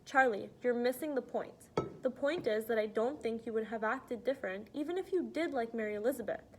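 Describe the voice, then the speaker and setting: A woman voicing an earnest teenage girl who pleads softly but firmly, her voice a touch higher than ordinary. She presses her points with open feeling in an audiobook reading. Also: brisk, noisy background, lightly acted. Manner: earnest, pleading, soft-spoken.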